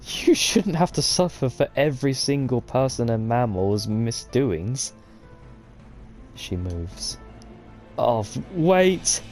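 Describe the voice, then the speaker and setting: A man reading a visual novel's text aloud at a measured pace while playing through it. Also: mid-range voice, darkish tone, soft background music. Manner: slow, measured reading of game text with occasional sworn reactions. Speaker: gaming video host.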